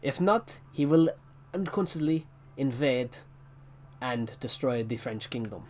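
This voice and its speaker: A man's voice: mid-range voice, expressive, a little slow, a little mellow, a little hiss or hum, close to an everyday voice. A man playing a stiff royal envoy who delivers formal threats. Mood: pompous.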